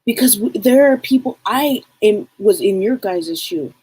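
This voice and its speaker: A woman's voice: mid-range voice, expressive, measured pace, mellow, husky, rough recording. A woman hosting a live psychic stream, chatting casually and rambling, greeting viewers by name.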